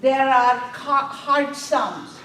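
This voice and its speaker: A slow-spoken woman, lecturing a nursing review class. She keeps asking her students questions and answering them herself, pressing each point home. She is recorded from across an echoey classroom, with faint room noise behind her. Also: sits high, fairly bright tone, far from the mic. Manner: quizzing students with repeated questions, slow and emphatic. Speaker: nursing exam instructor.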